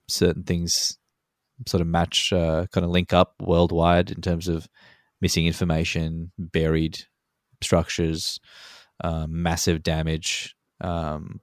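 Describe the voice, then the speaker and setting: Deep-voiced man in loose podcast chat. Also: no room sound, studio quality. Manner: loose, swearing, many ums, chuckles while talking. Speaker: podcast co-host. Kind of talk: casual conversational podcast chat.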